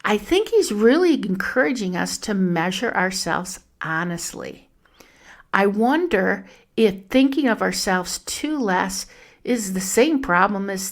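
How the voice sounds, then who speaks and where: A woman hosting a devotional podcast, sharing gentle, reflective musings and addressing listeners as friends. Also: medium pitch. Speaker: podcast host.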